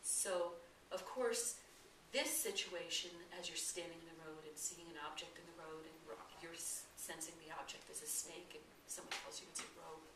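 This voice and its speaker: A woman spiritual teacher tells a parable in a low voice, pausing to ask her listeners questions and sometimes sinking to a near-whisper. She sits far from the mic in a reverberant room. Noise runs steadily behind her. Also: fairly even intonation. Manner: gentle, questioning, at times hushed. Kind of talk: storytelling lesson. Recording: echoey room, distant mic, noisy.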